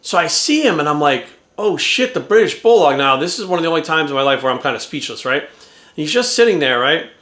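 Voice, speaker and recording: A man's voice: on the high side, fast. A middle-aged man telling a long rambling story in casual chat, acting out quoted lines and swearing freely. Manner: rambling, animated, acts out quoted voices, swears. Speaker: vlogger. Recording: roomy echo.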